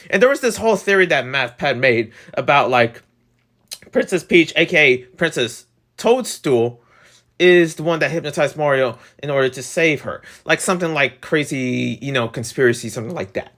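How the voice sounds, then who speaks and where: A young man reviewing a video game in a rambling, excitable way, full of fillers. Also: on the high side, moderate pace.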